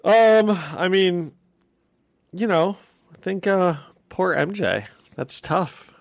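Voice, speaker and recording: A man's voice: high voice, expressive, takes it slowly, vocal fry, dry recording. A man co-hosting a podcast, chatting casually and rambling with many fillers and "like"s. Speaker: podcast co-host. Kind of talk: casual chat.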